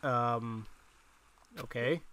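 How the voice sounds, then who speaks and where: A man doing casual let's play commentary, excitable and prone to shouting, then rambling with restarts as he reflects. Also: mid-range voice, very slow, a little hiss or hum. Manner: excitable, breaks into shouts and laughter. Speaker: let's player.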